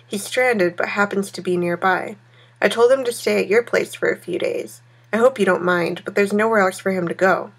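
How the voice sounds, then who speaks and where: A woman voicing a tired young man calling a friend by phone, in a breathy, sleepy way, in a text game read aloud. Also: mid-range voice, normal speed, natural voice. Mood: friendly.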